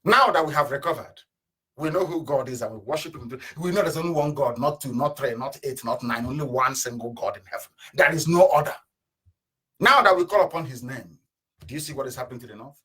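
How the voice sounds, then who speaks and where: A man giving an impassioned political radio address, with rhetorical questions and sudden bursts of shouting. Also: mid-range voice, fairly quick, husky. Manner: fiery, rhetorical, mocking laughter, sudden shouts and drops. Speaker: radio broadcaster. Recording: live internet radio broadcast.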